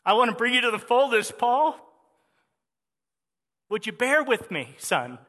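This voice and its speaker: Calm reassuring divine father voice, a preacher putting it on, lower and softer, hall echo. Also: measured pace, heavily acted. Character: gentle, patient divine father speaking to Paul.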